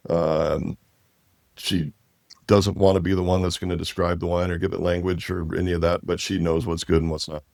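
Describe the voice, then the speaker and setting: A man's voice: low-pitched, flat delivery, normal speed, gravelly, darkish tone, dry recording, clean studio sound. A man from Washington, in his fifties, talking casually as an interview guest, rambling with many fillers and restarts. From Walla Walla Valley, Washington. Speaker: winery owner and interview guest.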